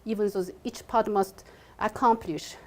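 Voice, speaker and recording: A woman's voice: medium pitch, fairly even intonation, a little slow. A woman teaching a one-on-one piano lesson, encouraging her student and singing phrases aloud to show how they go. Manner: sings phrases to demonstrate, encouraging. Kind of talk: one-on-one music coaching.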